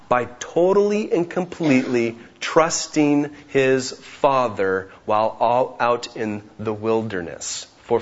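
In a muffled recording, a man with a medium-pitched voice preaches an expository sermon, repeatedly asking rhetorical questions and acting out the voices of the story's characters.

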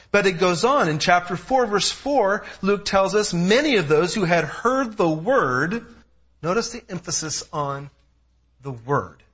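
Lively high-voiced preaching man. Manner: animated, emphatic preaching with personal asides. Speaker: pastor. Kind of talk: expository sermon. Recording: dull lo-fi sound.

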